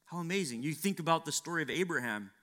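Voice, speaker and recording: A man's voice: on the high side, expressive, fast talker, pushed and bright. A man preaching a sermon, acting out biblical dialogue with dramatic shifts and asking rhetorical questions.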